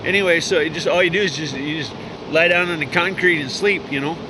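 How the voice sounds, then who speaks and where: Male, higher voice, profane stammering street rant, noisy city traffic recording. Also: quick pace. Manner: profane, stammering, lots of fillers. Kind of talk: rambling outdoor rant.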